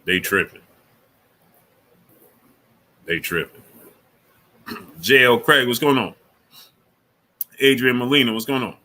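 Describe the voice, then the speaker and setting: Bright-toned man hosting a slangy sports livestream. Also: medium pitch, lively intonation, takes it slowly, pauses often. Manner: loose, slangy, reads out super chats between takes. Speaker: sports talk livestream host. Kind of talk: casual livestream chat.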